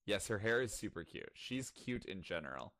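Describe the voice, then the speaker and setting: Deep-voiced man recapping a manga. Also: normal speed, no echo, studio quality. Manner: animated storytelling, swears casually. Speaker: podcast co-host. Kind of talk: casual chat.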